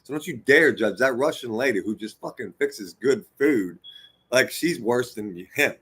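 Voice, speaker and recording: A man's voice: mid-range voice, expressive, normal speed, a bit bright, slightly rough. Fired-up male vlogger in his forties, lecturing viewers in a loose, profane, rambling rant. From United States. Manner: heated, profane, rambling and preachy. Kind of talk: unscripted rant to camera.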